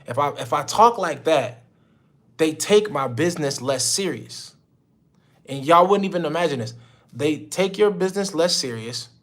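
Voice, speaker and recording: A man's voice: a little high, expressive, moderate pace. A young man coaching his mentorship group on a call, blunt and preachy, full of slang and swearing. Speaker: business mentor. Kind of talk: motivational talk on a call.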